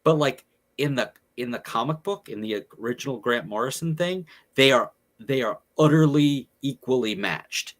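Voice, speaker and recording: A man's voice: medium pitch, expressive. A man co-hosting a podcast in casual chat, swearing freely and retelling scenes with relish while groping for names. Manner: profane, enthusiastic storyteller, halting recall. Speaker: podcast co-host.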